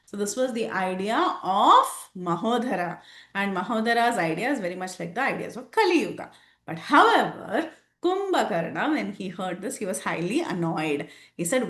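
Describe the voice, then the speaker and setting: A woman's voice: medium pitch, normal speed. Woman storytelling in an echoey room. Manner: animated storytelling with frequent fillers. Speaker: scripture teacher. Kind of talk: storytelling class. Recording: roomy echo.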